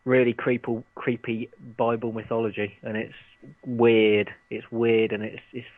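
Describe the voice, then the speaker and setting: A man hosts a casual podcast chat, keen and quick to steer the talk to the next point. His voice comes through a thin, phone-like line with no room sound at all. His pitch sits at an ordinary middle height. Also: dry recording. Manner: enthusiastic, steers the chat, reads out listener posts. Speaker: podcast host. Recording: dry tinny phone-like line.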